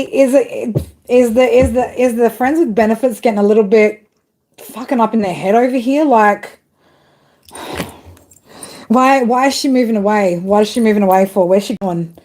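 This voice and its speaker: A woman's voice: on the high side, normal speed, warm tone. A woman doing a casual live tarot reading, chatty and full of swearing, calling her viewers girl and babe. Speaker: tarot reader.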